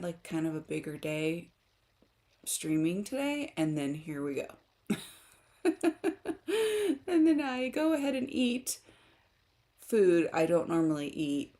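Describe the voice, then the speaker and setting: A woman's voice: on the low side, darkish tone. A woman author chatting casually with her livestream viewers, rambling and giggling as she talks. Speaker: author streamer.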